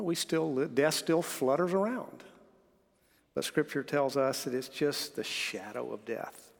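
A man's voice: mid-range voice, long reverb tail. A man delivering a sermon as pastor, earnestly preaching, telling stories and reading scripture aloud.

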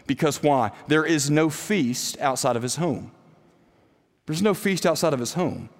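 A pastor giving an earnest sermon, asking the congregation rhetorical questions. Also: male voice, a little high, animated, a little slow. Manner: earnest preaching with rhetorical questions, growing quiet and soft near the end. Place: church sanctuary. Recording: long reverb of a church hall.

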